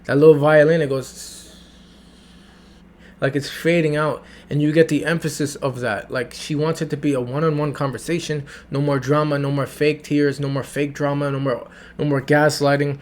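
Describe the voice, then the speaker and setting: A man's voice: fairly high pitch, level tone, normal speed, darkish tone, slight background noise. A man reacting to and breaking down a song in a casual, enthusiastic review, often repeating himself and singing along. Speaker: music reviewer.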